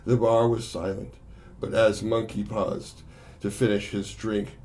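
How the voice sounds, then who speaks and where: A man narrating a fable in an unhurried, expressive storytelling manner. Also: on the low side.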